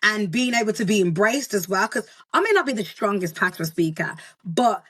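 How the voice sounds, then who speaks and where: A bubbly, boisterous woman talks as a guest in a casual interview and laughs often. Her voice sits at a middle pitch. It is recorded close and dry. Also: lively intonation, moderate pace, fairly bright tone, slightly rough, no room sound. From Britain. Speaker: guest, content creator.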